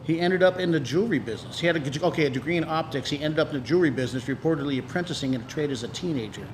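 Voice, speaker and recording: Male podcast co-host, higher voice, profane jokey banter, hissy recording. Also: racing. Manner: joking, profane, reads facts aloud off his phone. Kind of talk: casual chat.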